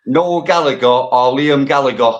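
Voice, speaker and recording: A man's voice: mid-range voice, moderate pace, highs cut off. A man with a northern English accent, hosting a casual live-stream chat and bantering with swearing and frequent laughter. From northern England.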